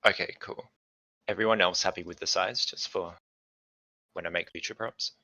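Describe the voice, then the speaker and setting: A man running a tabletop game as game master, explaining things in a relaxed way with fillers. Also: low voice, moderate pace, poor audio.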